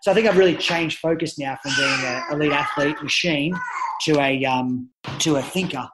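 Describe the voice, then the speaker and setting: Heavy background noise surrounds this fairly high-pitched man speaking at normal speed. A former Olympian now coaching judo, he is a parent at home and guests on a podcast, telling lively stories with frequent restarts.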